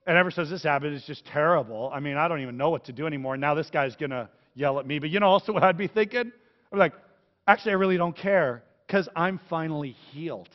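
A man pastor preaching a sermon in an animated, conversational, jokey way. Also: on the high side, fast. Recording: echoey hall, dull sound.

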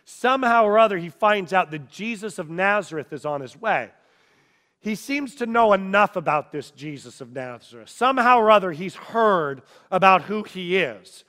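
A man preaching a sermon, telling a story dramatically, dropping to a hush and rising to shouts. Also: sits high, lively intonation, normal speed, long reverb tail.

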